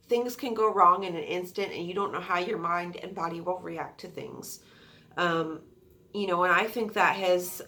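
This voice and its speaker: A woman's voice: medium pitch, a bit bright. A young woman telling a personal story to her viewers in a casual, candid way, swearing freely and acting out what people said. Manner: candid, swears freely, acts out quotes with shrieks. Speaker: storytime vlogger.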